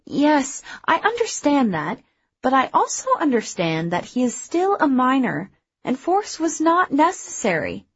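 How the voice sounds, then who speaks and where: A woman's voice: high-pitched, wildly swooping pitch, unhurried, breathy edge, lo-fi sound, voice pushed up, full character voice. A woman reading the lines of a defensive mother who insists her son was treated too harshly. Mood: insistent. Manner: insistent, pleading. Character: anxious defensive mother, middle-aged woman.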